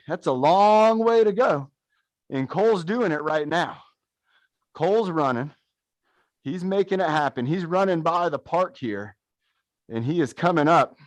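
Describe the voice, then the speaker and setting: A man coaching viewers through a gentle follow-along workout while narrating footage of a race, upbeat and encouraging. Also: fairly high pitch, no echo. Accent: American. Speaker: fitness coach.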